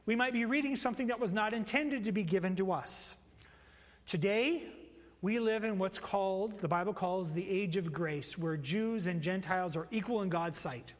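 A man preaching a sermon in a church, conversational and animated, with playful storytelling asides. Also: sits high, moderate pace, long reverb tail. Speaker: pastor. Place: church sanctuary.

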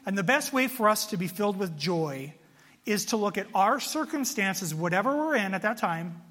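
High-voiced, animated pastor in a hall. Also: male voice, moderate pace. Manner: animated, self-mocking storyteller. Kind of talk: sermon with storytelling.

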